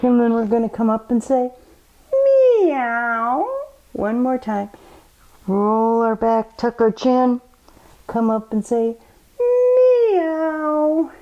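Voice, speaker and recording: Female yoga teacher for children; soft, slow, mellow voice, gently coaxing bedtime instructions. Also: fairly high pitch, level tone, dull audio. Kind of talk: guided children's yoga story time.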